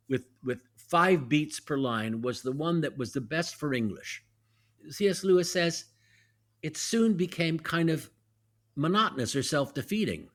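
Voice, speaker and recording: A man who is a guest actor and professor, explaining verse in a teacherly way, step by step, in a podcast conversation. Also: on the high side. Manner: teacherly, lively, walks through examples step by step.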